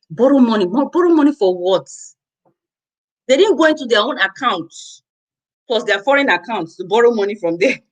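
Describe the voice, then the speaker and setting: A woman's voice: on the high side, expressive, normal speed, rough recording. A Nigerian woman vlogging to her viewers, ranting in an exasperated, exclamatory way, with lots of repetition. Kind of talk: casual ranting commentary to viewers.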